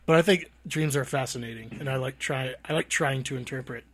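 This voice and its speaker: A man co-hosting a casual podcast, telling animated stories and laughing a lot. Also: mid-range voice, brisk.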